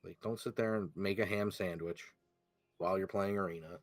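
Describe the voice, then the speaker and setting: A man co-playing a card game on a stream, giving laid-back, measured strategy advice in casual chat. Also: sits low, steady tone, no room sound. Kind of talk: casual chat over voice call.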